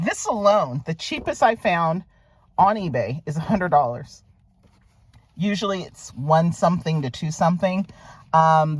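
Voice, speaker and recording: A middle-aged woman chatting casually to her viewers as she unboxes a package, gushing and excitable. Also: on the low side, breathy edge. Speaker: vlogger. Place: at a private mailbox.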